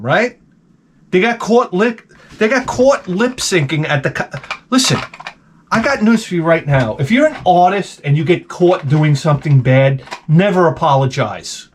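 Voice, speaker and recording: A man hosting an unboxing vlog, talking in an excitable, rambling way with frequent exclamations. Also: sits high, slight background noise. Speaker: YouTube host.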